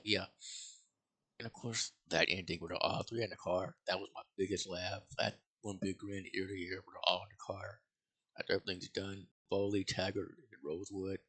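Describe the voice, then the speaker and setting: A man's voice: low voice, bright, forceful tone, husky. A man giving a casual, rambling movie review, swearing freely and full of fillers and restarts.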